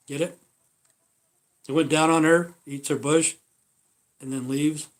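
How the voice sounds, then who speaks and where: A man's voice: fairly high pitch, steady tone, a little slow, pauses often. A man hosting a casual livestream, talking in a rambling, profane way with many fillers. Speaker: livestream host.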